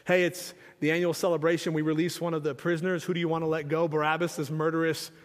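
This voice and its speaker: A preacher voicing a weary Roman governor. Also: male voice, a little high, level tone, quick pace, pitched below the performer's own voice, lightly acted. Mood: questioning. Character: weary Roman governor addressing a crowd, man. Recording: long hall reverb.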